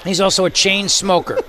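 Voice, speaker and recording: A man hosting a talk radio show, giving sarcastic, rambling commentary. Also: sits high.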